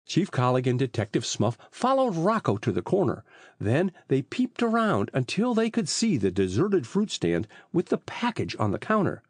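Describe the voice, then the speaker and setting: Lively, husky-voiced male storyteller. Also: medium pitch, normal speed, no echo, studio quality. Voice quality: lively, expressive reading. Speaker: audiobook narrator. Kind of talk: storybook narration.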